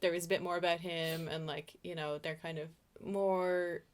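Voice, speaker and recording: A woman co-hosting a podcast, chatting about a book and its film adaptation in a relaxed way, with lots of fillers and easy laughter. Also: lowish voice, moderate pace, clean tone. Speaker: podcast co-host. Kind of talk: casual film chat.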